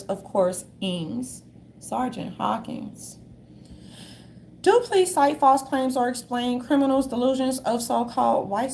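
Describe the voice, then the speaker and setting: Sassy woman with a gravelly edge, kinda high voice, reading off her notes, calls everyone darlings, faint hiss behind. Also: a little mellow. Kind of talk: casual monologue reading from notes.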